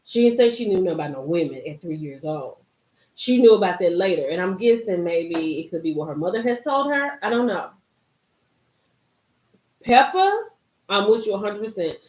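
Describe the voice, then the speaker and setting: A woman hosting a casual live-stream commentary, emphatic and animated, reading and reacting to viewer comments. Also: lowish voice, fairly quick. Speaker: YouTube commentary host. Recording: roomy echo.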